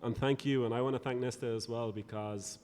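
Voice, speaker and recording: A man's voice: medium pitch, fairly even intonation, a little mellow. Lilting Irish man, reverberant room. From Ireland. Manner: lilting, thoughtful, measured. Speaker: guest speaker. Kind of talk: conversational podcast interview. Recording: reverberant room with faint noise.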